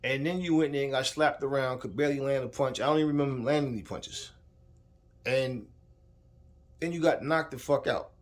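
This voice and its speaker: A man's voice: medium pitch, a little fast. Brief man, boxing commentator, angry off-the-cuff rant, cursing, mid-range voice. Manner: heated, profane, repetitive, talks straight at the subject. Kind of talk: casual ranting commentary.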